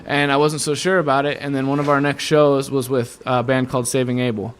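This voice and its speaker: A man's voice: medium pitch, fairly quick, slight background noise. Young man, from Iowa, guest musician, casual storytelling, acts out voices. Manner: animated storyteller who acts out quoted voices.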